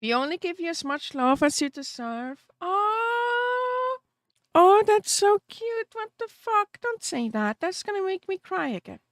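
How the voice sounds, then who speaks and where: A woman's voice: high voice, lively intonation, normal speed, hardly any pauses, a bit bright, dry recording. A woman VTuber streamer chatting casually with her viewers, giggly and openly emotional, laughing often and rambling with small restarts.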